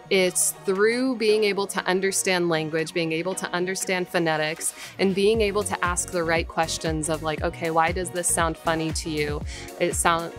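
A woman voice actor talking casually and explaining how she takes direction, careful and measured. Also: lowish voice. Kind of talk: casual advice talk. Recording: faint background music.

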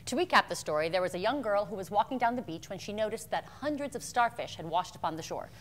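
Quick talking woman cohost, voice jumps around a lot, scripted banter. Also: medium pitch, lively intonation. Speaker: co-host. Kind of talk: scripted comedic hosting.

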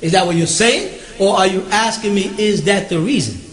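A man's voice: sits high, moderate pace, a bit bright, echoey room. A man teaching a recorded question-and-answer class, speaking emphatically and often checking that his listeners follow him.

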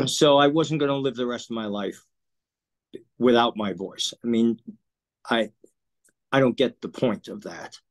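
A man in his sixties telling a personal story in an interview, earnest and emotional, often clearing his throat. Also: fairly low pitch. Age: 60s. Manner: earnest, emotional, halting with restarts. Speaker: interview guest.

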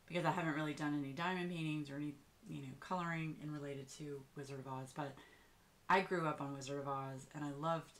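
Low-voiced gushing woman. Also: gravelly. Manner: chatty and excitable, gushing, many fillers. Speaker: craft vlogger. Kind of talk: casual show-and-tell chat.

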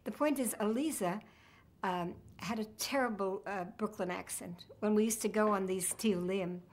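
A woman's voice: mid-range voice, normal speed. A woman, reminiscing in an oral history interview with a wry sense of humor. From United States.

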